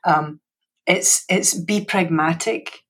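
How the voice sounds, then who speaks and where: A woman's voice: fairly low pitch, slow, a bit bright, slightly rough. A woman with a Scottish accent, a security executive talking as a podcast guest in a chatty, self-deprecating way with frequent restarts, heard over a video call from her home library. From Scotland. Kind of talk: casual podcast conversation.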